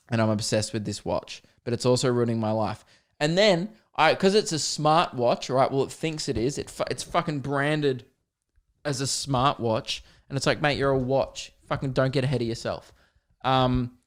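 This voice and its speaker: A young man hosting a podcast, ranting comically with lots of swearing, laughing and loud exasperated outbursts. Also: mid-range voice. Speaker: podcast host. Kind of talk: comedic rant.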